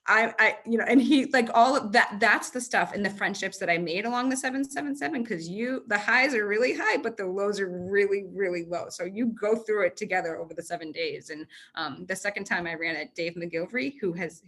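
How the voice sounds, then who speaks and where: A woman in her thirties, a marathon runner, telling stories in an interview on a video call, animated, with quick restarts and fillers. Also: on the low side. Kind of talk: conversational interview storytelling.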